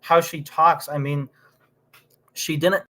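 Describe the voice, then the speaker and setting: A man hosts a casual livestream and rants about politics with lots of ums and restarts. His voice is fairly high and bright. He sounds heated and sure of himself. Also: level tone, slow pace. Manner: heated, ranting, frequent ums. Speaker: livestream host.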